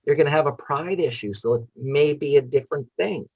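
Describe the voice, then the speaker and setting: A man's voice: on the high side, brisk, creaky, slightly rough, no room sound, low-quality recording. A man hosting a casual interview, speaking easily with plenty of fillers. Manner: relaxed, many "you know" fillers. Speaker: host.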